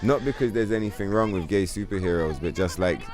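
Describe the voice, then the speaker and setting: A male streamer host chatting casually to his viewers, telling stories in a rambling, profane, animated way. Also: low-pitched, fairly quick, soft background music. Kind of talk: casual livestream chat.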